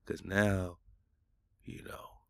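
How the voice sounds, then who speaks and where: A man with a very low, gravelly voice, hosting a casual radio talk. He speaks in a loose, colloquial way and argues back insistently. The sound is close and dry, with no room echo. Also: flat delivery, drawn-out words, whispered. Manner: argumentative, colloquial, talks back at a chatbot. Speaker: radio show host.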